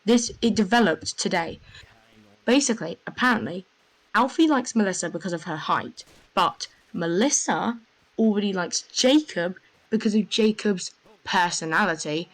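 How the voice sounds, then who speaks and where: A young woman telling a rambling, excitable story in casual voice chat, full of fillers. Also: medium pitch, moderate pace, rough recording. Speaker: gamer.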